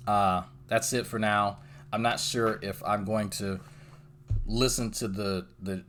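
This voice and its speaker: A young man hosting a commentary channel, rambling casually and swearing often between chuckles. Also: fairly low pitch. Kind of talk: casual chat.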